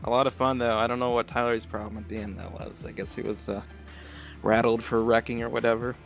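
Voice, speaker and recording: Man, race driver, mid-pitched voice, relaxed, halting, lots of uhs, post-race interview. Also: faint music behind. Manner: relaxed, halting with many fillers.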